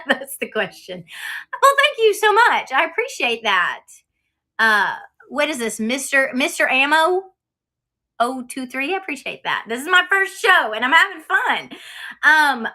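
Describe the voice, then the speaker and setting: A woman talks through her items in a casual live-selling stream. Her voice is bright and crisp and sits a touch high. She speaks slowly and chattily, with frequent fillers. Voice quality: chatty and cheerful, many ums, laughs often. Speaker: online auction seller.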